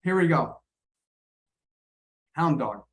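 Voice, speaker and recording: A man coaches an English class over a video call, encouraging and quick to repeat his words. His voice sits on the higher side for a man. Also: lively intonation. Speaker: English teacher.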